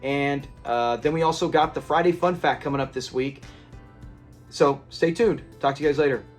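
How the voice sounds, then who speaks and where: A man's voice: a little high, moderate pace, faint music behind. A man hosting a casual episode breakdown, retelling scenes in a chatty, rambling way with frequent restarts. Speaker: episode review host.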